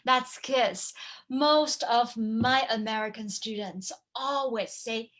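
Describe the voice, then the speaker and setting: A woman teaching over a video call, lively and hands-on, humming examples and quizzing her listeners as she goes. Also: fairly high pitch, slow. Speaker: language teacher and online course presenter. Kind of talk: live webinar talk with demonstration.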